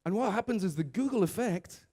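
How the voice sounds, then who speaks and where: A man giving a comic conference keynote, lively, slipping into raised voices to mimic office characters. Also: high voice, brisk, slightly rough. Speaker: conference speaker. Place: conference stage.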